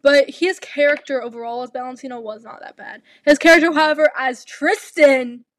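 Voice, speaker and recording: High-voiced young woman chatting animatedly. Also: no room sound. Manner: animated, gushing, quick asides. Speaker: podcast co-host. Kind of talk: casual chat.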